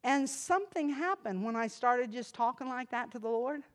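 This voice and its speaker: A woman preaching a sermon, impassioned, swinging from hushed confession to loud emphasis. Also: a little high, lively intonation, normal speed. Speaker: church speaker.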